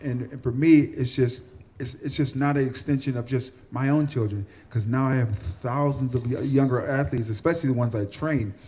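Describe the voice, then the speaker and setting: A man's voice: medium pitch, steady tone, normal speed, dark tone. A man, a guest in a casual cafe interview, talking earnestly and often repeating words as he thinks. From Central New York. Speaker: guest, former football player.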